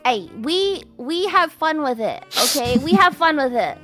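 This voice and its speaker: An American woman chatting casually as a guest streamer, playful and teasing, jumping between loud outbursts and low mumbles. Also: animated, a little slow, faint music behind. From United States. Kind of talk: casual chat.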